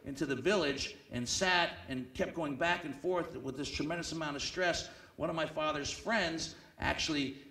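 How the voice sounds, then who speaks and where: A man emceeing a live event, telling a comic story with loud animated bursts and hushed deadpan asides. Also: fairly high pitch, normal speed, hardly any pauses. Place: banquet hall at a club event. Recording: echoey hall, distant mic.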